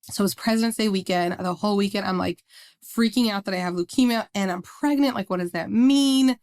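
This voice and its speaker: A woman's voice: mid-range voice, fairly quick. Woman animatedly retelling a hard story. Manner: animated retelling with many "like" fillers, acting out quotes. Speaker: guest sharing her story. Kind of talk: conversational storytelling.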